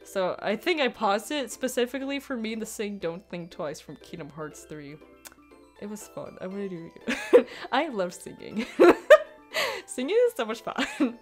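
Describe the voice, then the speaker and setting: A young woman giving casual, rambling commentary over a speed paint, giggling often and poking fun at her own work. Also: mid-range voice. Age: young adult. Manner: giggly, rambling, self-deprecating. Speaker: digital artist.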